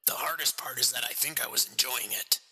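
A man voicing a large, hoarse-voiced killer who confesses calmly without a waver. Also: brisk, big-room sound, low-quality recording. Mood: menacing. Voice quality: hoarse, low, flat.

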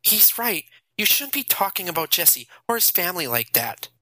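A man's voice: high voice, sing-song, moderate pace, pushed and bright, dry recording, pitched above the performer's own voice, full character voice. A man voicing a distressed teenage girl who is crying and pleading. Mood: firm.

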